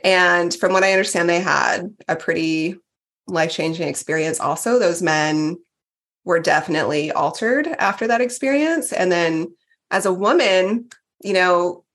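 Podcast guest: woman, 40s, low-ish voice, candid and chatty, lots of "like" and "um". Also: moderate pace, a bit bright. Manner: candid, chatty, many fillers and restarts. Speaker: podcast guest, retreat participant. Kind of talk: casual podcast chat.

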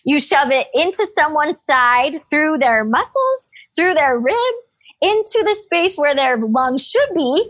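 A young woman with a high, bright-sounding pitch tells a story about her nursing work in an upbeat, energetic way. Her delivery is expressive and lively, with the easy rhythm of casual storytelling. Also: takes it slowly. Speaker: emergency room nurse.

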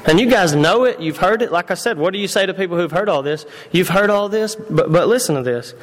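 In a church hall with long reverb, a man delivers a conversational sermon, repeating himself and posing questions to his congregation. His voice is high-pitched and lively in intonation, and he talks a little fast.

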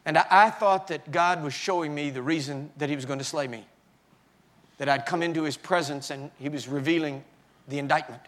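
A man preaching in a sermon, telling his own story with halting restarts and swings between hushed and loud moments. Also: fairly high pitch. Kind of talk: sermon testimony.

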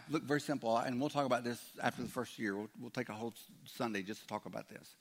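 A man's voice: medium pitch, quick pace, hardly any pauses, slightly rough. A man preaching a conversational sermon as a pastor, voicing imagined objections from his listeners.

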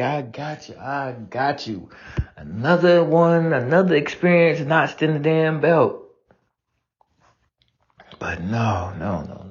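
A man's voice: medium pitch, a little mellow, dull audio. A man giving an emotional, profane confessional monologue, near tears, laughing through his distress and dropping to whispers between outbursts.

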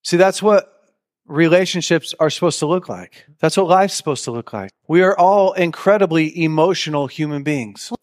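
A man's voice: fairly high pitch, moderate pace. A man giving a sermon to a live audience, telling stories and acting out the lines of the people in them, and often turning to his listeners with direct questions. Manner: animated storyteller who acts out quoted lines. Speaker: preacher.

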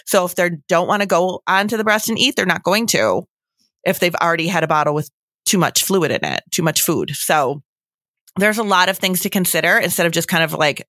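A woman's voice: on the low side, lively intonation, fairly quick, fairly bright tone, no echo, clean studio sound. A young adult woman giving earnest, chatty advice on feeding babies, often slipping into quoted asides. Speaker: breastfeeding expert guest. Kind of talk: casual advice chat.

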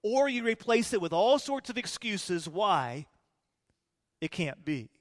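A male pastor preaching a sermon in a church, animated, swinging between loud emphasis and quiet low lines. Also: takes it slowly. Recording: long hall reverb.

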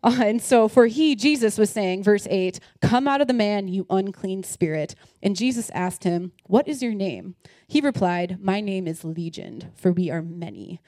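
A young woman preaching a sermon, reading scripture aloud and speaking directly to her listeners in a lively, animated way. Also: medium pitch, normal speed, no room sound, studio quality.

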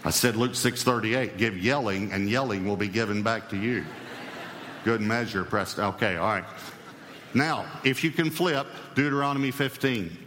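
A man's voice: fairly low pitch, normal speed, a bit bright, long reverb tail, slight background noise. A man preaching a sermon as pastor, emphatic and speaking directly to the congregation. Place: church hall.

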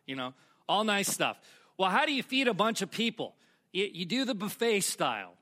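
A male pastor delivers a sermon with a high-pitched voice. His tone is bright and forward, and he talks in a loose, conversational way, turning to the congregation with questions and side comments as he tells a story. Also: sing-song, normal speed.

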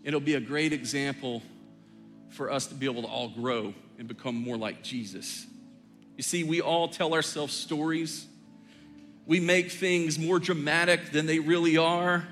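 A middle-aged man preaching a sermon as pastor, telling family stories in a relaxed, joking, conversational way. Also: a little high, a little slow, faint music behind. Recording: long hall reverb.

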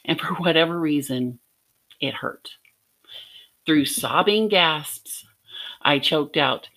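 A woman's voice: sits low, takes it slowly, long pauses, a bit bright. A middle-aged woman from Arkansas teaching a devotional lesson, telling a personal story in an earnest way with light laughs. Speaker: podcast teacher.

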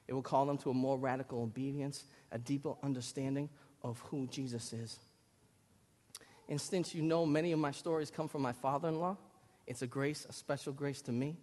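A man in his thirties with a Lynn, Massachusetts accent, preaching a sermon and telling stories animatedly, getting loud at times. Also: medium pitch, a little fast. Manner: animated storytelling, rising to loud bursts. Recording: long hall reverb.

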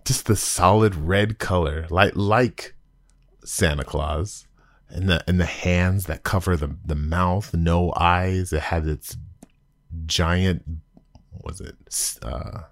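A man hosting a casual show, excitedly reviewing an episode with giddy rambling, restarts and sudden high exclamations. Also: slow, gravelly, no echo, studio quality. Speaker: podcast host reviewing an episode.

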